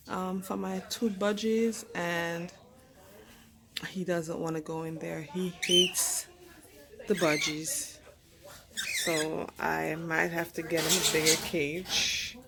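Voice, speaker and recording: A woman chatting casually at home in a home video, explaining things in an unhurried way with fillers. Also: on the low side. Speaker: pet bird owner vlogging. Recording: loud background noise, home video. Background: bird chirps and loud background noise.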